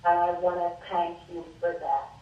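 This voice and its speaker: A woman's voice: lowish voice, steady tone, moderate pace, distant mic, faint music behind. Earnest woman caller on a dull, echoey line. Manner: heartfelt, earnest thanks.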